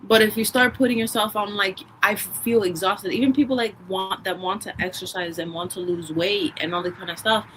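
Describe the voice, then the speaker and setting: A woman's voice: mid-range voice, brisk, few pauses, a little hiss or hum, low-quality recording. A woman co-hosting a podcast, casually telling stories and acting out the lines of the people in them. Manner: animated storyteller who acts out quoted dialogue. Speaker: podcast co-host. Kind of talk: casual chat.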